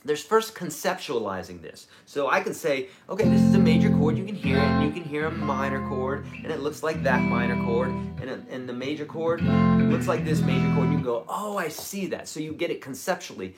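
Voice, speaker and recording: A man's voice: mid-range voice, animated, moderate pace. A man in his forties, a guitar teacher giving a casual, encouraging livestream lesson with chatty, self-deprecating asides. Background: guitar playing.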